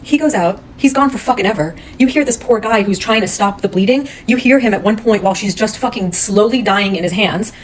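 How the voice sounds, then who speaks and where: A woman's voice: medium pitch, a little fast, few pauses, slight background noise, poor audio. A woman retelling a true crime case in a casual, blunt, heated way, swearing often.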